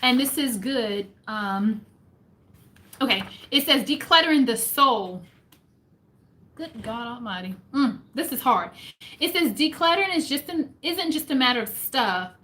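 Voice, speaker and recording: A woman hosting a casual livestream book recap, lively and exclamatory, reading passages aloud and reflecting on them. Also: on the high side, a little slow. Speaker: host of a faith book chat livestream.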